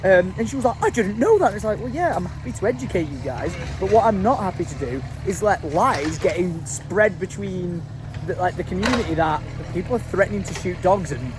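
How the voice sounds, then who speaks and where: A man, retelling a run-in with a neighbour outdoors, indignant and animated. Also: sits high, a little fast. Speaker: vlog companion. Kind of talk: casual storytelling chat. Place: outdoors by a canal. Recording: outdoor mic with strong background noise.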